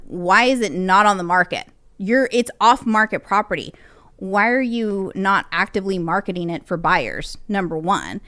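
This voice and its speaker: Woman broker hosting a podcast, middle pitch, casual and animated storyteller, dry close recording. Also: no echo. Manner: animated, acts out quoted people, frequent restarts. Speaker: real estate broker and podcast host.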